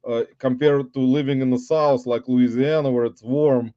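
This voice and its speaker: A man's voice: medium pitch, steady tone, normal speed, dark tone, dry recording. A man hosting a casual livestream interview, greeting viewers and addressing them as guys. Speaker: livestream host. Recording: dull dry audio.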